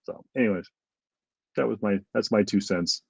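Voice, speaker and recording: Low-voiced man ranting casually. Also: normal speed, vocal fry, breathy edge, dry recording. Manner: rambling, heated wrestling opinions with frequent fillers. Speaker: podcast co-host. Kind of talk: casual chat.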